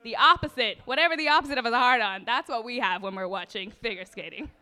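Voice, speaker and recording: A woman's voice: a little high, fast talker, pushed and bright, clear, resonant tone. A young Irish woman riffing as a panelist on a comedy panel show, rambling and self-mocking, giggling at her own jokes. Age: young adult. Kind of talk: improvised stand-up comedy.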